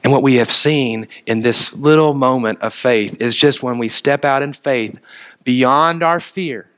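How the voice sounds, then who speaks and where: A man's voice: mid-range voice, measured pace, a bit bright. Casting note: male minister, thirties, conversational storytelling sermon, everyday mid-range voice. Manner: storytelling, quotes others in conversation.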